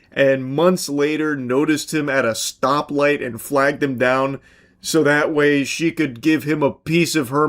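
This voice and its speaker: Dude commenting on videos, deadpan and sarcastic, swears a ton, slightly high voice. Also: male voice. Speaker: online commentary host. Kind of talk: profane comedic video commentary.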